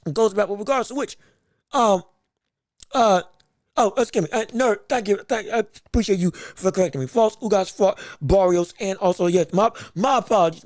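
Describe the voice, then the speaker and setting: A man hosting a live boxing podcast stream, talking excitedly, laughing, restarting his sentences and calling out greetings to viewers in chat. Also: high-pitched, vocal fry, no echo, studio quality. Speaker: podcast host.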